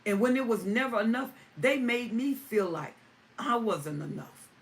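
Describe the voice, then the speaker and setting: A woman's voice: a little high, expressive, normal speed. A woman hosting a live stream, answering viewer comments and repeating phrases for emphasis. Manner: emphatic, repeating lines for stress. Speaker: livestream host. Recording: distant mic with faint ambient noise.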